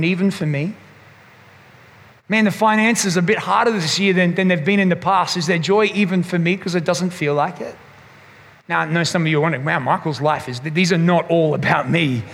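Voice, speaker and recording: A man's voice: a little high, fairly bright tone. A man, a pastor preaching a sermon and telling a personal story candidly, often restarting his sentences. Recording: long hall reverb.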